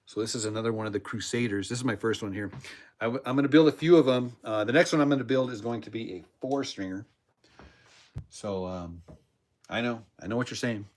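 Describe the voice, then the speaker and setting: Casual male host, loose rambling delivery, mid-pitched. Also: a little fast. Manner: rambling storyteller, repeats words, acts out quotes. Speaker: podcast host, cigar box guitar builder. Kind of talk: casual chat with live chat viewers.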